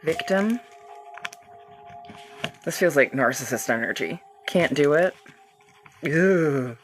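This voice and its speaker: A woman's voice: low voice, lively intonation, slow pace, a little hiss or hum. A woman hosting a live-streamed reiki healing session. She talks straight to her viewers and reads out their comments in a loose, chatty way, laughing often. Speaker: reiki healer hosting a livestream.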